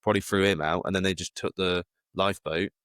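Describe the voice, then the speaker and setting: Deep-voiced man, rambling chat. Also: steady tone, fast talker, fairly bright tone, dry recording, studio quality. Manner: rambling, hesitant with many fillers and restarts. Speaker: podcast co-host. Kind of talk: casual chat.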